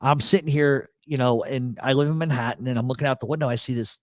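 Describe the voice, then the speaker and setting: Male host from New York, mid pitch, blunt, jokey, casual chat, dry close processed studio mic. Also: steady tone, quick pace, no room sound. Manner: blunt, joking, swears freely. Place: home studio. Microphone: expensive studio mic with voice processor.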